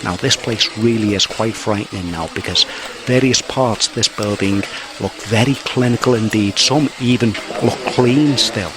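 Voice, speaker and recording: A man's voice: fairly low pitch, normal speed, background noise. Nervous English man on a ghost hunt. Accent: English, Merseyside. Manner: nervous, earnest, repeats phrases. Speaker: paranormal investigator reporting. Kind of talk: on-location report. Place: abandoned asylum at night.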